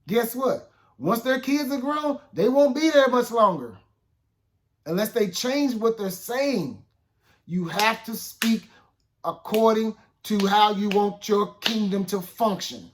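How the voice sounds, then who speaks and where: A man's voice: high voice, animated, unhurried. A man giving an informal spoken sermon as a minister, talking conversationally and checking in with "okay?" and "guess what?".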